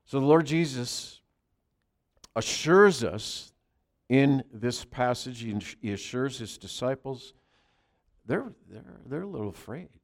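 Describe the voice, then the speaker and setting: A male pastor preaching a sermon, pressing key phrases hard and then dropping into quiet asides. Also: mid-range voice, expressive, slow.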